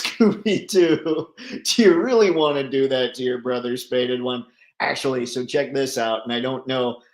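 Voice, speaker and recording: A man hosts a casual livestream, reading out viewer comments and answering them in a loose, chatty way. He laughs easily and his voice sits at an ordinary middle pitch. The room around him is roomy and echoey. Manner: chatty, laughs often, reads comments aloud. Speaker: livestream host reading chat. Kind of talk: casual live chat.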